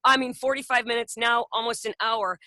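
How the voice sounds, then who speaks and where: A woman's voice: on the high side, a little fast, no room sound. A middle-aged woman co-hosting a casual podcast, telling stories with lots of laughter and acted-out voices. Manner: animated storyteller, laughs often, acts out voices. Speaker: podcast co-host. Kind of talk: casual chat.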